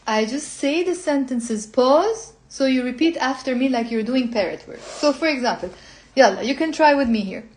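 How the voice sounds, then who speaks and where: A woman explaining a language textbook, saying model phrases slowly for learners to repeat. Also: high voice, expressive, darkish tone. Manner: slow, drawn-out model phrases for repetition. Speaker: language teacher.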